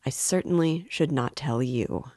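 A woman's voice: extremely low pitch, a little slow, warm tone, no echo, clean studio sound. A woman reading an audiobook voices a proud, wary young male student who answers curtly and with contempt. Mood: haughty guarded. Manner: haughty, curt and wary.

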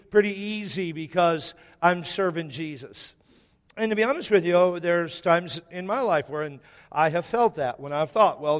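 Brief: male pastor, slightly high voice, preaches with repetition and questions to the room, reverberant church hall. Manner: repeats key phrases, asks the congregation questions. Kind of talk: sermon. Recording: echoey hall.

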